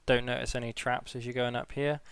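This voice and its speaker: A man narrating as game master, relaxed and rambling, with many fillers. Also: medium pitch, a little fast, creaky, smooth.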